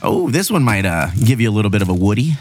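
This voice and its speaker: A man's voice: on the low side, sing-song, fast, soft background music. A man in casual banter with a friend while opening baseball card packs, teasing him and reading out player names in a mock-announcer way. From Mexico.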